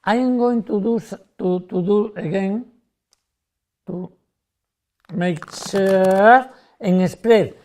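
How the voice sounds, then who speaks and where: A man, a magician, explaining a card trick in lively, broken English and acting out how spectators react. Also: sits high, slow pace, long pauses.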